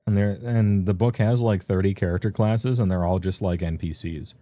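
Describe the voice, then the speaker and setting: Man, deep voice, very dark tone, casual streamer commentary, offhand rambling. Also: fairly even intonation, moderate pace. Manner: loose and offhand, many ums, laughs at himself. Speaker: streamer reviewing tabletop game books.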